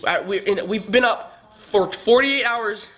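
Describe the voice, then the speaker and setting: A young man recounts a trip in a loose, rambling storytime vlog. His voice sits high and bright, and he swears and acts out the arguments with real heat. He sounds worn out. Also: measured pace. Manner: animated, swearing, reenacts heated arguments. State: tired. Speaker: vlogger.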